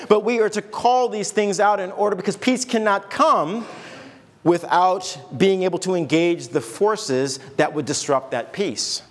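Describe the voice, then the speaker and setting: A man's voice: fairly high pitch, normal speed, in a large hall. A man preaching a sermon as pastor, in a loose, conversational way, stopping and restarting and acting out little asides. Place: church.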